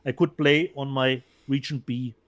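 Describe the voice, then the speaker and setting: Halting man co-hosting. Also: mid-range voice, fairly even intonation. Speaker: co-host. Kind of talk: casual chat about disc releases.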